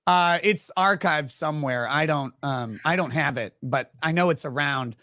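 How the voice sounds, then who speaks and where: A man's voice: on the high side, moderate pace, bright, forceful tone, dry recording, studio quality. A man who is a guest on a casual stream chat, laid-back and self-mocking.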